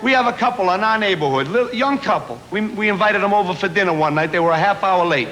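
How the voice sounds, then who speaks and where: A man's voice: high voice, animated, fast talker, pushed and bright. A middle-aged man doing a chatty, self-mocking stand-up comedy monologue built on punchlines. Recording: noisy old 1970s TV recording.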